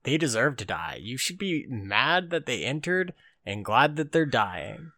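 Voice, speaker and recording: A man voicing a cold male villain who lectures in a flat, contemptuous way. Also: medium pitch, measured pace, dry recording, heavily acted.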